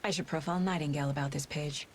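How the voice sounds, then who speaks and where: An actress voicing a calm, focused woman detective in a video game, speaking in a measured, analytical way. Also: low voice, a little hiss or hum, natural voice.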